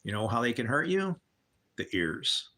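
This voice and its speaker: Rambling candid man with a bright voice. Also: medium pitch, big pitch swings, moderate pace. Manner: candid, swears, religious asides. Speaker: livestream host. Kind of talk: rambling personal storytelling.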